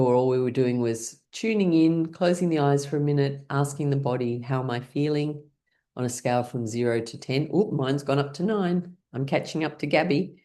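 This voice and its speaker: A woman leading a guided laughter exercise class over a video call, encouraging everyone and breaking into deliberate laughs. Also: low voice, warm tone. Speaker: laughter yoga leader.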